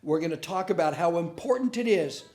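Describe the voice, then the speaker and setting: Middle-aged man, storytelling lesson, slightly high voice, acts out the dialogue. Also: brisk, echoey room, faint music behind. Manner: animated storyteller acting out dialogue. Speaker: comedian teaching a class on bullying.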